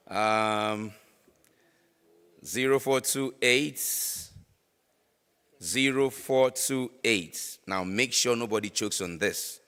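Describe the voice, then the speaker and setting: A man's voice: medium pitch, bright, forceful tone. A Nigerian man hosting a raffle draw at an event, teasing winners and chanting ticket numbers over and over. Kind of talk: playful event emcee. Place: conference hall. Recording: echoey hall with long reverb.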